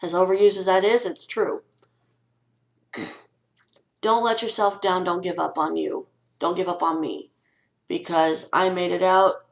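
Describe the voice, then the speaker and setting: A woman's voice: on the low side, fairly even intonation, a little slow, vocal fry, long pauses, rough recording. A young woman vlogging from home, giving frank, earnest advice with some swearing and a ranting manner. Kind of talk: casual vlog advice talk.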